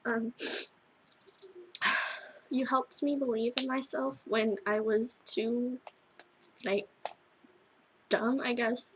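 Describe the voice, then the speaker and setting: A teenage girl recording a tearful video message to her best friend, halting and full of restarts as she cries. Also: on the high side, slight background noise, poor audio. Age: teens. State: crying. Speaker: vlogger.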